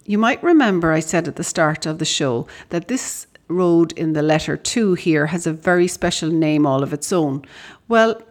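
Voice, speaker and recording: A woman's voice: deep voice, lively intonation, normal speed. A woman with an Irish accent, a podcast host, reading out a prepared letter with conversational storytelling asides. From Ireland.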